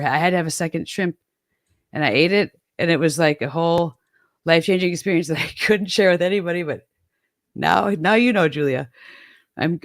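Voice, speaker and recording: A woman's voice: deep voice, dry recording, clean studio sound. Rambling Midwestern woman chatting. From American Midwest. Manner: rambling, self-deprecating, with frequent restarts and laughs. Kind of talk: casual chat.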